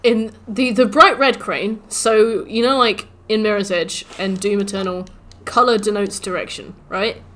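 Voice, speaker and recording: A young woman talks over her game stream, her voice bright and clear. She rants animatedly, swears freely and acts out the game taunting her in a mocking tone. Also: medium pitch, measured pace, hardly any pauses. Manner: animated ranting, swears, mimics the game's taunts. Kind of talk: casual livestream chat while gaming.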